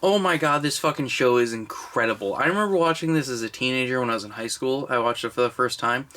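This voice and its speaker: A man in his twenties chatting casually on camera about his movie collection, a little drunk and slurring, rambling and swearing with excitable bursts. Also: mid-range voice, fast talker. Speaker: collection vlogger. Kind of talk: casual unscripted video review.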